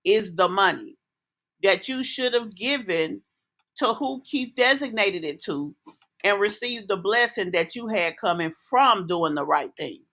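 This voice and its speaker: A woman's voice: medium pitch, expressive, a little slow, a bit bright. A woman hosting a reaction commentary video, indignant and scolding as she speaks straight at the person she criticizes. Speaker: commentary host.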